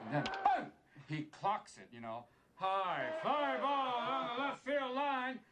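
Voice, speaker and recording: An animated storytelling therapist. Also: male voice, extremely high pitch, takes it slowly, very noisy, full character voice. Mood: excited. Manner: animated storyteller who puts on voices for people in his tales. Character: wry middle-aged male therapist, animated storyteller. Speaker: therapist character in a film. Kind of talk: film dialogue, telling a bawdy joke and a baseball story.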